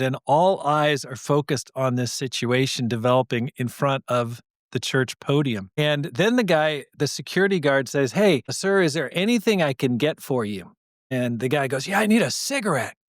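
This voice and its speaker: A man's voice: medium pitch, no echo, clean studio sound. A man hosting a podcast, telling a story from his time as a pastor and acting out the voices of the people in it. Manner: animated storyteller, acts out quoted voices.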